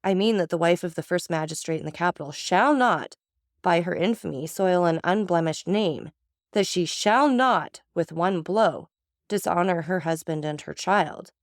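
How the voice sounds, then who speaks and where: A woman's voice: fairly low pitch, normal speed, no room sound, studio quality, lightly acted. A woman voicing a terrified, cornered wife who stammers and pleads.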